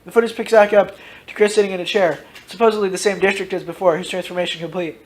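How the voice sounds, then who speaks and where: A man casually reading out his own story, dropping into loud voices for its characters. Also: high voice, steady tone, fast. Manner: switches into loud shouted character lines, swears freely.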